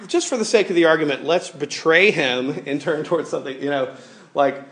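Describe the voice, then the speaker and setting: A man in his thirties preaching a sermon in a conversational, animated way, often acting out quoted voices. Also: a little high, a little fast. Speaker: pastor.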